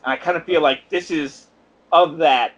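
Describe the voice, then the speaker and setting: A man's voice: on the high side, normal speed, fairly bright tone. A man co-hosting a casual podcast, rambling through his ideas with lots of asides. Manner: rambling, thinks aloud with many asides. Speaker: podcast co-host. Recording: dull lo-fi podcast audio.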